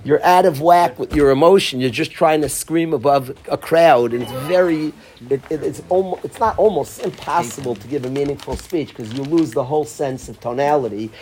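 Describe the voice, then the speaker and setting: A man teaching a Torah class, mixing Hebrew phrases into his English and swinging between soft and loud as he tells the story. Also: fairly high pitch, normal speed, a little hiss or hum.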